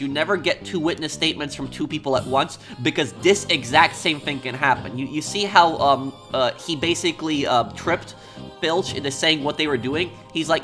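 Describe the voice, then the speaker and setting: Man, let's play commentary, chatty and explanatory, slightly high voice, music in background. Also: pushed and bright. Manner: chatty, explaining with many fillers and restarts. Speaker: gaming video host.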